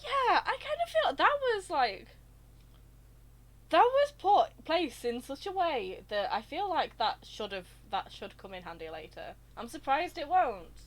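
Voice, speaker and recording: A woman's voice: high-pitched, sing-song, a little slow. A woman streaming a game, chatting casually in a gushing, rambling way. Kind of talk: casual live-stream chat over gameplay.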